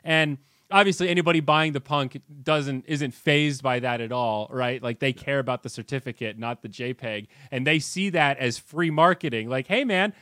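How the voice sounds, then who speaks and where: A man co-hosting a podcast in casual chat, animated, laughing often and putting on mocking voices for quotes. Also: medium pitch, moderate pace, no room sound, studio quality. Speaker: podcast co-host.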